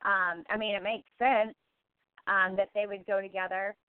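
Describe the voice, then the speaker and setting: A woman hosting a reflective spiritual talk show, thoughtful and pausing often. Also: medium pitch, little pitch movement, smooth. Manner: thoughtful, many filler pauses. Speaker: podcast host. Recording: tinny phone-line sound.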